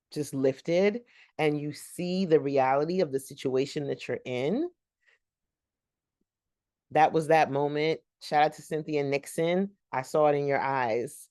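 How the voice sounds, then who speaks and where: Low-voiced woman rambling through a TV recap. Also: darkish tone, no echo, clean studio sound. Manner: chatty, addresses viewers as y'all; long-winded and rambling. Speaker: TV show recap host.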